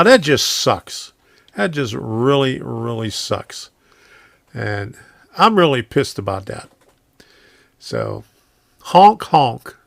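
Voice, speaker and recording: Gravelly, slow-talking man hosting a live stream. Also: fairly high pitch, fairly bright tone, dry recording. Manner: rambling, chuckles often, reads chat aloud. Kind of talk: casual live-stream chat. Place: home train room.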